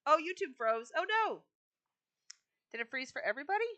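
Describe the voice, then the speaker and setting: A woman's voice: high-pitched, animated, brisk, pushed and bright, highs cut off. A woman live streaming a video game, chatting casually with her viewers while she decorates.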